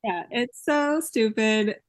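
A woman's voice: fairly high pitch, takes it slowly, no echo. A woman co-hosting a casual movie podcast, laughing often as she talks. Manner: giggly, laughs often while talking. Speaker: podcast co-host. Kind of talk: casual movie recap chat.

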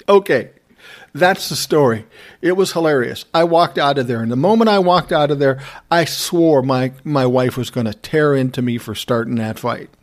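A man's voice: medium pitch, moderate pace. A middle-aged man casually telling a personal story, wry and often laughing as he goes. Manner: wry, laughing, self-described smart aleck.

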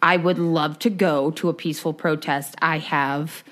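A woman co-hosting a casual podcast chat, speaking in a halting way and joking to cope with a dark topic. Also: low-pitched, fairly even intonation. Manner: slow, halting, nervous laughter, jokes to cope. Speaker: podcast co-host. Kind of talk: casual conversation.

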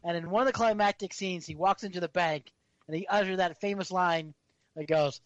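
A man's voice: sits high, brisk, dry recording, highs cut off. A man co-hosting a casual podcast, teasing and goading in a playful way. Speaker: podcast co-host. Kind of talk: casual radio chat.

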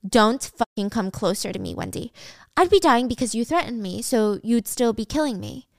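A woman's voice: on the high side, big pitch swings, moderate pace, gravelly, no echo, studio quality. A woman voicing a menacing teen boy who holds a hostage, snarling and taunting with a lot of swearing.

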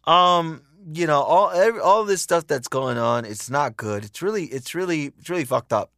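A young man hosts his own show in a heated, profane rant, circling back over the same points. His voice sits a little high for a man. The sound is dry and close, with no room around it. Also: animated, moderate pace, creaky, sharp tone, no room sound. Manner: heated, profane, repetitive ranting. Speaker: podcast host. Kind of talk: casual political rant.

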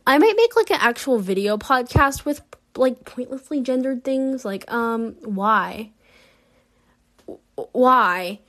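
A young woman chats on a casual vlog at an unhurried pace, her voice sitting a little high. She sounds openly baffled, breaking into laughs and loose fillers as she rambles. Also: lively intonation, a bit bright. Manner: rambling, incredulous, laughs often, many fillers. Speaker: vlogger. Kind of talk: casual unscripted commentary.

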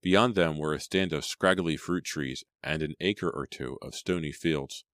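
A man narrating a storybook in a steady, measured way. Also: extremely low pitch, dry recording. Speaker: audiobook narrator. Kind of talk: scripted audiobook narration.

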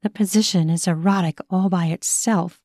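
A woman narrating a first-person erotic audio story in a slow, sensual reading voice. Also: on the low side, steady tone, darkish tone, no echo, studio quality.

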